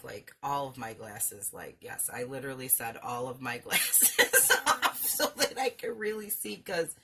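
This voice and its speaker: A woman talks through a craft project in a relaxed, self-mocking way, laughing often. Her voice is bright and slightly gravelly, her pitch swings widely, and she takes her time. A faint hiss of noise sits behind her. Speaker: craft channel host. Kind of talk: casual craft-along chat.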